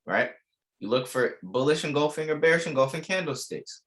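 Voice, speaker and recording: A man's voice: fairly high pitch, animated, fairly quick, fairly bright tone. A young man teaching a live online trading class, repeating key lines with emphasis and casual slang. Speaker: trading instructor.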